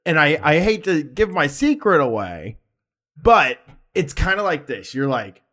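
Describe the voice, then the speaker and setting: A man chats casually on a podcast, rambling and restarting his sentences. His voice sits a bit higher than most men's, and he laughs easily. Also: sing-song, a little slow, fairly bright tone. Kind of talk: casual chat.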